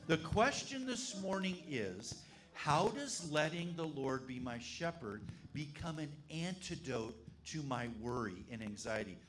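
A male pastor delivers a sermon, his fairly high voice rising and falling with animated energy. He tells stories and asks the congregation questions. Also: a little hiss or hum. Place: church service.

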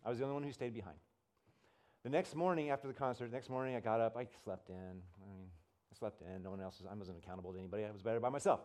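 A middle-aged man preaching as a pastor, telling a personal story with many restarts and repeated words, and his voice climbs high and loud at the big moments. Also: very fast. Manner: animated storyteller, voice rises high and loud at the climax. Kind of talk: sermon storytelling.

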